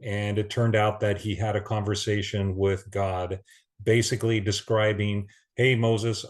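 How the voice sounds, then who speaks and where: A man giving an earnest Bible teaching, reading scripture aloud with pauses and restarts. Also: on the low side.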